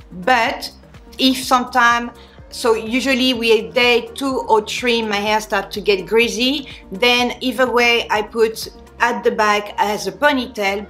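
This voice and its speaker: A woman's voice: medium pitch, fairly bright tone. A woman in her forties with a French accent, chatting candidly to camera as a beauty vlogger and sharing hair tips. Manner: chatty and candid, restarts with small slips. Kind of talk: casual talk to camera.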